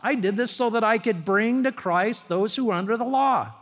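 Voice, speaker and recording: A man's voice: high-pitched, normal speed, fairly bright tone, long reverb tail. A man, a pastor, preaching a sermon in a conversational, storytelling way, pushing up his voice on key phrases.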